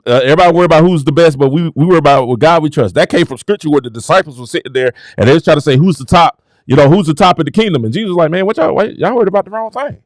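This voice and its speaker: A man hosting his own show, delivering a fervent, preaching-style motivational talk that swings from low murmurs to shouted exclamations. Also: rapid-fire, hardly any pauses, no echo. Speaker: show host.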